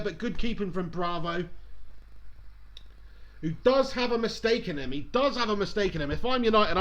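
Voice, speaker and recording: A man commentating live on a football match for his stream, chatty and bursting into excitement at chances. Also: high voice.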